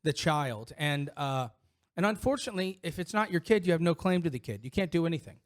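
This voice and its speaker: Rambling middle-aged man, fairly high voice. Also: lively intonation, fast. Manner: candid, rambling, many restarts and fillers. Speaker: podcast co-host. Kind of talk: casual chat.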